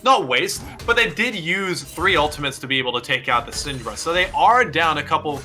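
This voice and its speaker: A man with an Australian accent giving steady, explanatory analysis as co-caster of an esports match. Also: fairly high pitch, fairly quick, faint music behind. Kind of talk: live analyst commentary.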